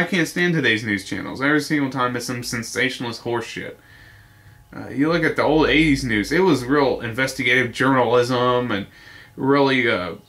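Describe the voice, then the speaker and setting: Bright-voiced rambling man reminiscing. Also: mid-range voice. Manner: rambling, nostalgic, with frequent fillers and mild swearing. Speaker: vlogger. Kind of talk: casual video response monologue.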